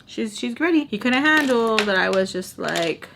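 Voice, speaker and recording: A woman's voice: on the high side, moderate pace, gravelly, noisy background. Chatty young woman telling a story. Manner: chatty, animated, drops in Spanish words and fillers. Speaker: storytime vlogger. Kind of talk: casual storytelling to camera.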